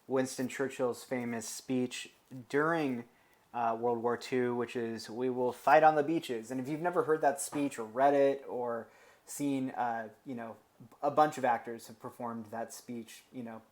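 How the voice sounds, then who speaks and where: A man's voice: medium pitch, steady tone, a little slow. A man from the United States giving an informal lecture, conversational and digressive, with lots of fillers and asides. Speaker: teacher.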